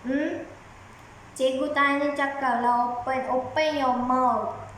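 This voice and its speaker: A woman's voice: sits high, steady tone, slow, a bit bright, slight background noise. A woman schoolteacher, explaining a lesson patiently and repeating herself to coax young pupils. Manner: patient, repetitive, coaxing. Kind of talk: classroom lesson mixing Malay and English. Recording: very echoey room.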